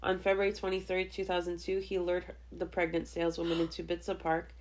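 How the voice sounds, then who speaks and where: A woman's voice: lowish voice, monotone, fast. A woman podcast host recounting a true-crime case in a matter-of-fact way, with dry humor. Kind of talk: casual true-crime storytelling.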